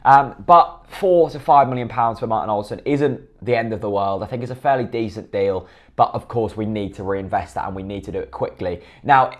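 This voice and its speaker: A man's voice: on the low side, a little fast. A man giving blunt, opinionated football commentary to camera, often asking and then answering his own questions. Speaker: football fan vlogger.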